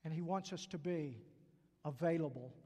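A man's voice: a little high, normal speed, dark tone. An older man with a Southern accent and a stutter preaching a sermon at church, earnestly repeating key phrases and acting out quoted voices. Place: church sanctuary. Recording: long reverb from a large hall.

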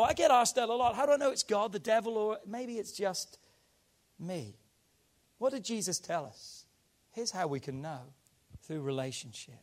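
Male pastor, high-pitched voice, conversational preaching with hushed stretches and emphatic lifts. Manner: conversational preaching, dropping to a hush then rising with emphasis. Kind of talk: sermon.

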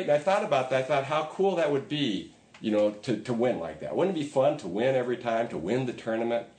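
A man's voice: medium pitch, lively intonation, a little fast, a little mellow, echoey room. A man preaching a sermon in a conversational way, with emphatic repetition. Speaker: pastor.

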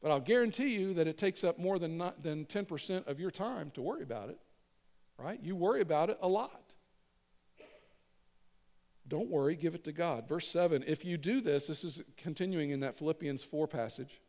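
A man's voice: on the high side, expressive, moderate pace, darkish tone. A male pastor giving a conversational sermon and leading the congregation in call-and-response phrases. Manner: conversational, repeats lines for the congregation to echo.

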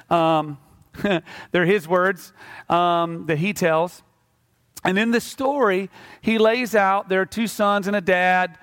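A man's voice: high voice, fairly bright tone, clear, resonant tone. A man preaching a sermon, telling a story in a plain, conversational way before rising into earnest exhortation. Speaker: pastor.

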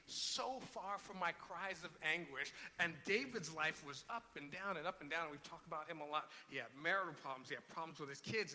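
A man preaches to his congregation with a very bright, forceful voice that sits a bit high for a man. His delivery is conversational and full of restarts. A long hall reverb and faint room ambience surround him. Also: a little hiss or hum. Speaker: pastor. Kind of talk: sermon.

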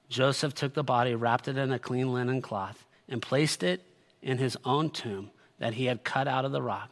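A man preaching a sermon, reading scripture aloud and swinging from loud, rising exhortation to a hushed, slow close. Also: mid-range voice. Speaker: pastor.

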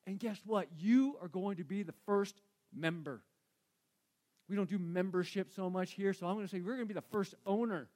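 A male pastor preaching a sermon, acting out Bible figures and swinging from loud to hushed. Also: high voice.

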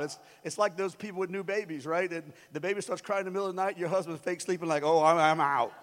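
A man preaching a sermon in a church, talking casually and joking with the congregation, then building to shouted lines. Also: high-pitched. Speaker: pastor. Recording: long hall reverb.

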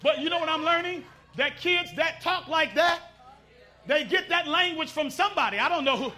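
A man's voice: very high voice, moderate pace, pushed and bright. A middle-aged man preaching a sermon fervently, calling out for responses from the congregation.

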